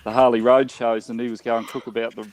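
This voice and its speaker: A man's voice: medium pitch, flat delivery, a little fast, slight background noise. Laid-back Australian man. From Tasmania, Australia. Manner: laid-back, laughs easily, Aussie slang. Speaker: guest vlogger. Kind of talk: casual chat.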